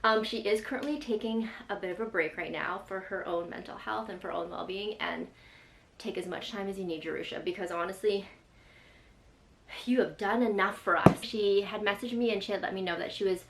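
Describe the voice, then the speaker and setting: A young woman vlogger chatting excitedly through an unboxing, emotional and full of fillers. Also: medium pitch, brisk, background noise. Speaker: lifestyle vlogger. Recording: echoey room with faint ambience.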